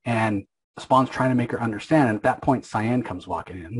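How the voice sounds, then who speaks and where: A man's voice: medium pitch, moderate pace, husky, poor audio. A man casually recapping a comic book issue, rambling and opinionated, with lots of filler words.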